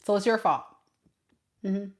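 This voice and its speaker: A woman reads tarot cards in a loose, chatty way and talks straight to her viewers. Her delivery is animated and conversational, like a casual chat. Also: medium pitch, measured pace. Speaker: tarot reader.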